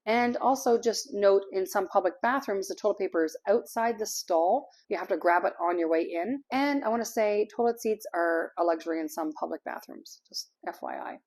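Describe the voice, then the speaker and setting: A woman's voice: medium pitch, darkish tone. A middle-aged woman from Canada, chatting casually to camera as an expat vlogger, rambling a little and laughing easily.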